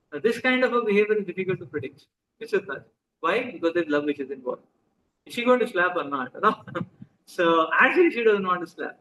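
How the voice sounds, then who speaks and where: A man's voice: sits high, sharp tone, slight background noise, low-quality recording. A man with an Indian accent giving a conversational sermon, often asking his listeners questions and slipping into Hindi. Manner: conversational, asks the audience questions, mixes in Hindi. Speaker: spiritual teacher. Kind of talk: sermon to a live audience.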